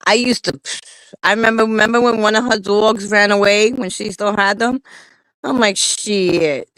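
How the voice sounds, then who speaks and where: A woman's voice: mid-range voice, steady tone, moderate pace, a bit bright, dry recording, low-quality recording. A woman co-hosting a livestream in casual chat, talking bluntly and heatedly with a lot of cursing. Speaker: livestream co-host.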